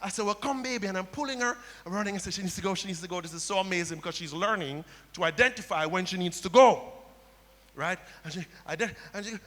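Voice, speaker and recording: A man's voice: high-pitched, sharp tone. A man preaching a sermon as pastor, telling stories and repeating key phrases back to the congregation. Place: church sanctuary. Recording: long hall reverb.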